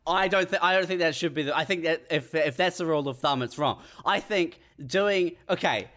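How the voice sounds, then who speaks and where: A man's voice: a little high, fairly quick, a bit bright. A man co-hosting a casual comedic chat, arguing his point with frequent swearing. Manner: argumentative, swearing, laughing.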